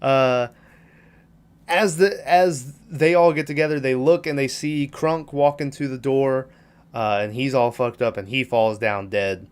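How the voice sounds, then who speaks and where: Man, podcast host, casual movie recap, swearing, rambling, mid-pitched voice. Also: fairly even intonation, measured pace, clear, resonant tone. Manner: profane, rambling retelling with quoted lines.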